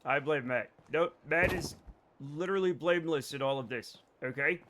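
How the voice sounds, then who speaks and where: Game streamer, young man, bright high voice, bantering with chat, keyboard clicks behind. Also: normal speed, slight background noise. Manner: excitable, bantering with chat, sudden outbursts. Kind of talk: casual live gameplay commentary.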